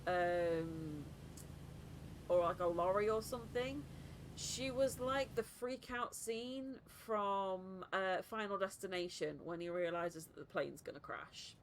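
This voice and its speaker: On a live stream with clear background noise, a woman streamer chats casually, telling stories, laughing often, and doing voiced impressions of other people. Her mid-range voice moves slowly, and the recording is rough.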